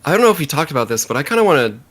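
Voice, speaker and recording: A male podcast co-host chatting casually with his bandmates. His pitch jumps around freely and he laughs often, breaking off and restarting his sentences as he goes. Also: sing-song, very fast, a bit bright. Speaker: podcast co-host, band member. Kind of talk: casual chat.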